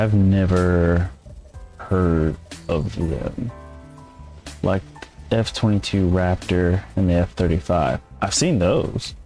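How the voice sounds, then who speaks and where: A man's voice: fairly low pitch, a little mellow. A man streaming a farming game, chatting casually and rambling as he answers his viewers' chat. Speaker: gameplay streamer. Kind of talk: casual live-stream commentary.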